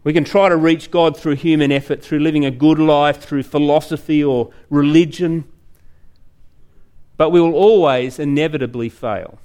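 A man's voice: a little high, fairly even intonation, normal speed, darkish tone. A male preacher, giving an earnest sermon full of vivid storytelling.

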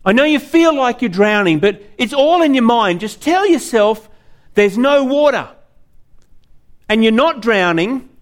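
Aussie preacher doing a pushy feel-good guy, high coaxing voice. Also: big pitch swings, unhurried, exaggerated voice. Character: breezy self-help man preaching denial.

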